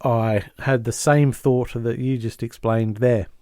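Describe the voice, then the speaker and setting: A mid-pitched man co-hosting a podcast walks through a sitcom plot in a casual, storytelling way. He is animated and slips into character voices as he goes. The sound is close and dry. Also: takes it slowly, no room sound. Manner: animated storyteller who acts out quotes. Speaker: podcast co-host. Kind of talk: casual episode recap.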